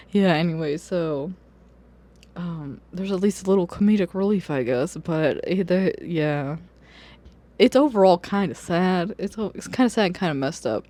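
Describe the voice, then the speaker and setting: At normal speed and with lively intonation, a medium-pitched book vlogger chats casually about books, full of fillers, cursing and bursts of laughter. The recording device is a camera or phone on a wobbly stand.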